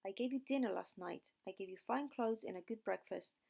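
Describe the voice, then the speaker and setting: A terrible, angry beast from a storybook who speaks in stern commands, read by a woman narrator. The voice sits at a moderate pitch with a gravelly texture. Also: fairly quick, darkish tone.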